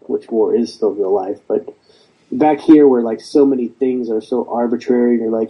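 A man's voice: medium pitch, fairly even intonation, moderate pace, slightly rough, lo-fi sound. A man, a veteran guest, speaking bluntly and with frequent swearing in a conversational interview. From United States. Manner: blunt and profane, storytelling.

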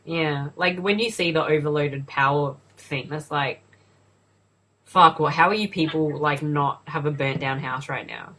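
Husky low-voiced Australian woman. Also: a little slow, fairly bright tone, poor audio. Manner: swearing, laughing, filler-heavy chat. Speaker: co-host. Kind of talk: casual movie watch-along commentary.

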